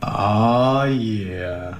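A man's voice: extremely slow, echoey room, a little hiss or hum. An actor playing a slangy, evasive young man who talks his way out of things and sweet-talks his girlfriend. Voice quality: slangy and smooth, low and coaxing with a lover. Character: smooth-talking young man, evasive and charming. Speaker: young father dodging responsibility.

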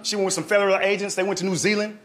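A man's voice: high-pitched, little pitch movement, rapid-fire, a bit bright. A man telling a stand-up story in a conversational way, often checking in with the audience. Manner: conversational, keeps asking "right?". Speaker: comedian. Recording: live room with audience crowd. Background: audience laughter.

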